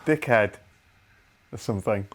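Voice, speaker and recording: A man's voice: on the low side, a little slow, a bit bright. An English man co-hosting a casual podcast, playful and teasing, often laughing. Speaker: podcast co-host.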